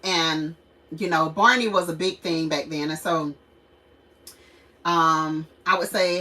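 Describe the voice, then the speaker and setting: Here the same kind of casual stream: a mother and channel host rants and tells stories with lots of laughter and acted-out quotes, staying animated throughout. Her voice is mid-range, measured, and full of frequent pauses, and the audio is poor, with her far from the mic.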